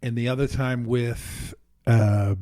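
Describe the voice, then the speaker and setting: An older man, an actor and comedian, telling casual anecdotes as a podcast guest, lively and laughing as he acts out other people. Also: mid-range voice, takes it slowly.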